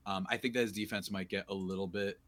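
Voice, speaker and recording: Male co-host, lowish voice, relaxed and analytical. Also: fast talker. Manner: laid-back, analytical, laughs easily. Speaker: podcast co-host. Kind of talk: casual sports podcast chat.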